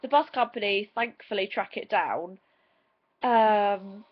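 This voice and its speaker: A woman's voice: medium pitch, slow. A teenage woman with an English accent telling a story in a casual vlog, chatty and giggly with dramatic retelling. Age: teens. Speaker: vlogger. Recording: dull lo-fi home video audio.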